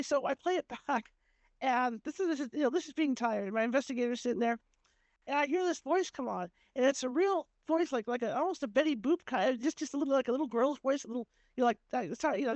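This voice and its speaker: Chatty high-voiced woman podcaster. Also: darkish tone, no echo. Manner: chatty, rambling with many fillers. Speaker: podcast host, paranormal investigator. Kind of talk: casual chat.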